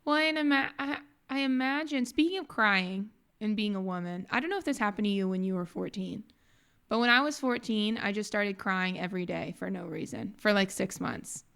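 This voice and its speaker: A woman's voice: medium pitch, brisk, vocal fry, a bit bright, smooth. A woman hosting a casual podcast interview, chatty, telling personal stories and asking follow-up questions. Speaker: podcast host.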